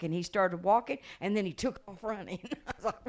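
A woman evangelist telling a healing story in a sermon, acting out the people she quotes and rising to loud praise. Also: medium pitch, brisk. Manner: storytelling with acted quotes, building to shouted praise. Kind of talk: sermon testimony.

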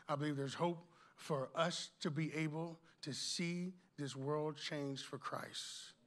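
A middle-aged man preaching at a conference, exuberant and animated, calling out to the crowd in casual speech. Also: mid-range voice. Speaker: pastor. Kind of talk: conference sermon.

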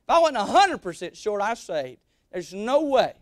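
A man's voice: high-pitched, very animated, normal speed, dry recording, clean studio sound. A young man preaching a sermon as a guest preacher, emphatic and repeating his lines. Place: church sanctuary.

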